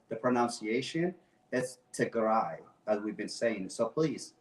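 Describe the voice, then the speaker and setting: Speaking at medium pitch, a man appears as a guest activist on a talk show, delivering an impassioned, emphatic speech in which he often repeats himself. The audio is poor, captured from a distance in an echoey room.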